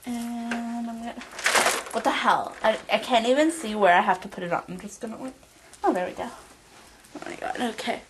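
A woman's voice: a little high, fairly quick. A young woman in a comedy ghost-hunt spoof, talking while frightened, swearing and laughing nervously. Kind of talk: panicked handheld walkthrough. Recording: noisy camcorder audio from a distance.

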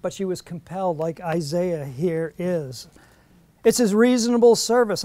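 A middle-aged Bible teacher with a high, warm voice gives a study lecture at a normal speed, earnest throughout and emphatic whenever he reads verses aloud. There is no echo.

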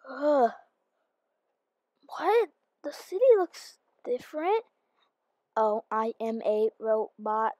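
A woman's voice: a little high, sing-song, slow pace, pauses often, mellow, dry recording. A woman playing through a game role-play, exasperated and sighing often. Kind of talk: casual role-play narration.

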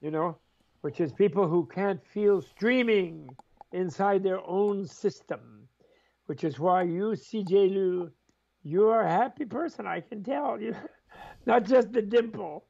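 A man's voice: high-pitched, unhurried, creaky, a little mellow, dull audio. An older man, a Buddhist scholar and interview guest, telling rambling, chuckling stories and acting out the voices in them. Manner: chuckling, acts out voices in quotes, rambling asides. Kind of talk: animated storytelling in conversation.

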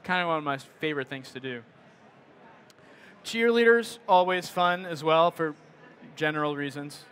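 A middle-aged man talks casually to an audience. His voice sits high, and he rambles, with many fillers and restarts as he works through his thoughts. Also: moderate pace, fairly bright tone, clean tone. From United States. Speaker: photographer giving a presentation.

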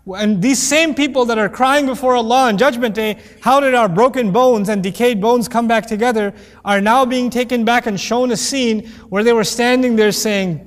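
A man's voice: extremely high pitch, normal speed. A man giving a conversational Quran commentary lesson, joking and acting out quoted voices. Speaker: Quran teacher. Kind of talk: lecture-style Quran commentary. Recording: long hall reverb.

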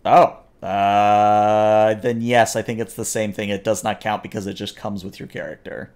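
A man's voice: lowish voice, level tone, moderate pace, darkish tone, smooth. Man running a tabletop game. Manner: hesitant, filler-heavy, questioning. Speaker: game master.

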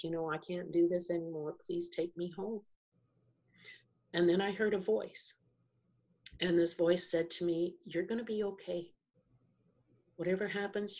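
A middle-aged woman with a low, husky voice that crackles into fry. She tells her own story as a podcast guest, slowly and reflectively, pausing and circling back as she looks for the right words. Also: a little mellow. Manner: slow, reflective storytelling with pauses and restarts. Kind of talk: personal testimony in an interview.

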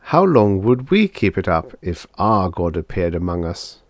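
A man voicing a calm, thoughtful older spaceman who muses aloud. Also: sits low, measured pace, no echo, studio quality, heavily acted. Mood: musing. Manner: calm, musing.

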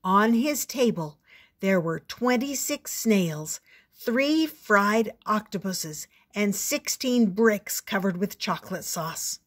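An older woman reading a picture book aloud as a storyteller, expressive and playful. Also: mid-range voice, slow.

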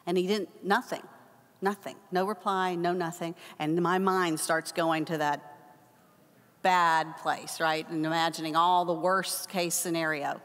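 An older woman teaching a Bible lesson, telling a personal story with animated acted-out quotes. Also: on the low side, a little slow. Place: church hall. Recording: long hall reverb.

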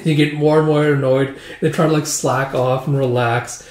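A man casually recapping a story, stringing scenes together with "it's like" and quick acted-out quotes. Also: a little high, steady tone, a little mellow, slight background noise. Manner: acts out each character with "it's like". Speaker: manga reviewer. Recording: echoey room.

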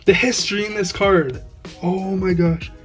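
Guy hosting an unboxing vlog, kinda high voice, talks slow, keeps going wow wow, faint music behind. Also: fairly even intonation. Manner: awestruck, keeps exclaiming and repeating himself. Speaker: channel host opening trading card packs. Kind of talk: casual unboxing commentary.

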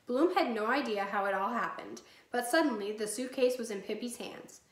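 A woman teacher reading a children's chapter book aloud, steady and clear. Her voice sits a bit high. The sound is roomy, with a clear echo. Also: moderate pace. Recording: echoey room.

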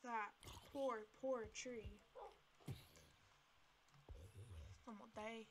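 A woman chatting through a game as she plays, reacting aloud and letting out sudden high yelps. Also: expressive, slow pace, bright, forceful tone, slight background noise. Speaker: gamer. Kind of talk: let's play commentary.

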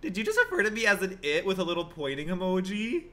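Animated, dramatic male game streamer. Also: sits high, quick pace. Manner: dramatic, exclamatory, profane, chatty with viewers. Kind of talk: casual live gaming commentary.

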